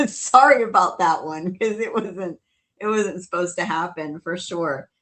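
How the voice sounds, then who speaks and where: A woman co-hosting a paranormal podcast in loose, casual conversation. She has a slightly low voice, laughs often and drifts into quick asides. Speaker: podcast co-host.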